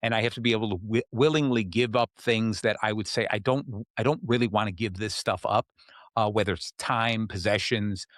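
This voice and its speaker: A man with a fairly low voice talks through self-help ideas in a relaxed, explanatory way, pausing often to ask "okay?". The recording is close and dry, with almost no room sound. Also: no room sound. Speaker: podcast host. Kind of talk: casual self-help talk.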